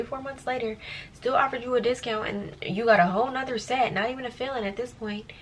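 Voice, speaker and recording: Animated young woman telling a story. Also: creaky, distant mic, slight background noise, poor audio. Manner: animated, acts out quoted dialogue with big pitch jumps. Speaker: lash technician vlogger. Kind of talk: casual storytelling.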